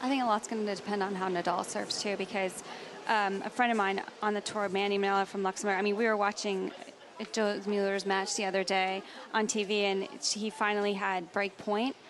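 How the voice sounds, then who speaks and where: A woman's voice: medium pitch, flat delivery, brisk, a crowd in the background. A woman who is a former player giving chatty, rambling tennis talk in a studio. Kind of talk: studio sports punditry.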